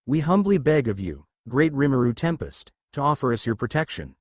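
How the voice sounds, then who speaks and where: Old goblin elder, humble, pleading, lively pitch, voiced by a man. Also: brisk, dry recording.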